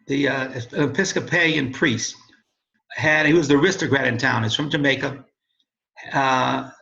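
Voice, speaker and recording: Older man, gravelly and bright-toned, rambling storyteller, dull lo-fi recording. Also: a little high. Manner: rambling, self-correcting storyteller. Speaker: interview guest, father of host. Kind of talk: casual storytelling interview.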